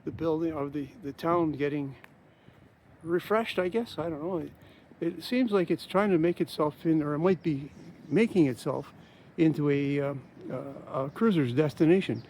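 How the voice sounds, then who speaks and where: Sex: man. Pitch: high. Style: casual walking vlog, rambling. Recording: noisy outdoors. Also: darkish tone. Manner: rambling, frequent fillers and restarts. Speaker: travel vlogger. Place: outdoors, walking through a small coastal town. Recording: outdoor noise with rushing water.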